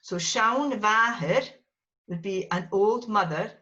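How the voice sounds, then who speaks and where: A woman teaches a small class at an unhurried pace, her bright, clear voice calling on learners one by one and patiently correcting how they say each word. The recording is dull and lo-fi. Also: medium pitch. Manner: patient, drills students by name and corrects pronunciation. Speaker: language teacher.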